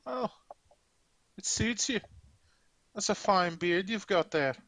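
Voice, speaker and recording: Dude doing a bragging flirty orc smith, fake scottish accent, bouncy up-and-down voice. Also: male voice, sits high, takes it slowly, no echo, pitched above the performer's own voice, exaggerated voice. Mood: flattering. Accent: put-on Scottish. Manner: smooth-talking, rambling, flattering. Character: boastful, flirty orc blacksmith adventurer.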